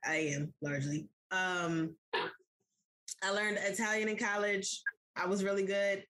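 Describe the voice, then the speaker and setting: A woman's voice: medium pitch, steady tone, a little slow, a bit bright. A woman co-hosting a podcast in casual chat, talking straight to her listeners. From United States. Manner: chatty, addresses listeners directly. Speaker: podcast co-host.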